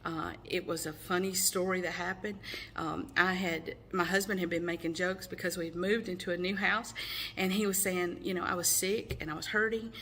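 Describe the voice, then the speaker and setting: A woman in her forties with a lowish voice tells her own story straight to the camera. She speaks earnestly, with frequent ums and restarts, and a faint hiss of background noise sits under her voice. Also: steady tone, moderate pace, sharp tone. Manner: earnest, storytelling with many fillers. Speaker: mother sharing her testimony. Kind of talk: personal testimony to camera.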